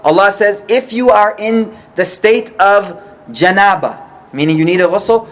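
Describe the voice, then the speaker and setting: A man's voice: sits high, lively intonation, a little slow. A man teaching an informal religious study class, explaining patiently and checking often that the group follows.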